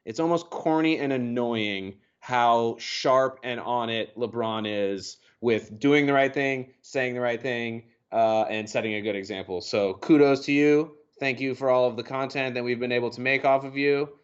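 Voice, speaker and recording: A man's voice: mid-range voice, normal speed, few pauses, clear, resonant tone, lo-fi sound. A man co-hosting a podcast as its producer, talking in an easygoing way with joking asides. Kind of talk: casual podcast chat.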